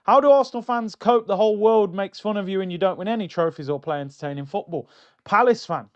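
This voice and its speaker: Animated man on a fan stream. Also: fast, lo-fi sound. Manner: animated, mocking, jumps into high exclaims. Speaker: football fan channel host reading viewer comments. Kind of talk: casual live-stream rant.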